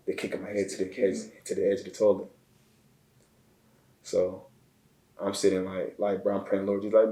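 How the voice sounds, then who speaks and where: A man from Chicago, a guest telling a personal story in a halting, emotional way, often repeating words. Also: low-pitched, monotone, warm tone. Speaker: interview guest. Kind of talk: casual storytelling. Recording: echoey room.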